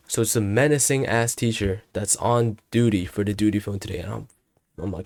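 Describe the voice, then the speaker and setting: Slangy, low-voiced young guy. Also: fairly even intonation, brisk, a little mellow, no echo. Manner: slangy and profane, rambling with restarts. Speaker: student storyteller. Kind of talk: casual storytelling monologue.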